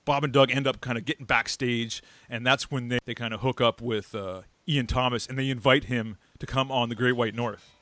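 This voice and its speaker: A man's voice: mid-range voice, fairly even intonation, fairly quick, a bit bright, no echo. A man hosting a podcast, casually retelling a plot and tagging his points with "right?". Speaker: podcast host. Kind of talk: casual chat.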